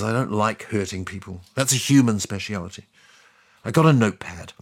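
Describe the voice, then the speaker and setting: Husky wry man telling a comic story. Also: mid-range voice. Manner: wry deadpan storytelling with bursts of exasperation. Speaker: narrator playing God. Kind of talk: scripted comic monologue.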